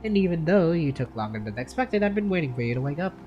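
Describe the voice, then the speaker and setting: A game streamer voicing a solemn, mysterious hooded girl guide, read aloud from game dialogue in a soft, measured voice, with faint music behind. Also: medium pitch, very animated, muffled recording, lightly acted. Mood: calm.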